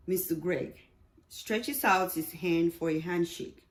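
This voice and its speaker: Woman, author reading her play, stage directions, slow, low voice. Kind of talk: read-aloud play narration.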